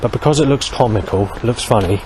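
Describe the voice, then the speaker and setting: Outdoors by a road under a bridge, a vlogger in his 40s rambles to camera, his aggrieved, agitated monologue circling and restarting. His voice is mid-range and a little mellow, with a quick pace. The low-quality recording picks up passing traffic.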